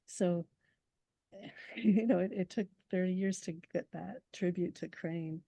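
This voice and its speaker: A woman poet speaks in a reflective interview, her voice low and gravelly with a mellow warmth. She talks thoughtfully and slows down to savor recited verse. The sound is dry and close. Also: fairly even intonation, dry recording, low-quality recording. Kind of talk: conversational interview with poetry recitation.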